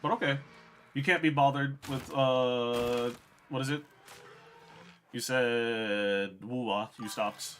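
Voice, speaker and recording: A man's voice: mid-range voice, steady tone, unhurried, fairly bright tone, a little hiss or hum. A young man streaming a video game, chatting bluntly and with swearing to his viewers as he plays. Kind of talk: casual gameplay commentary.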